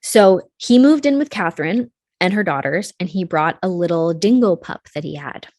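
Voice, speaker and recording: Young woman podcast host, lowish voice, casual true crime narration, swears, mutters off at the ends of thoughts, dry close mic. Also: expressive, moderate pace, a little mellow, no echo.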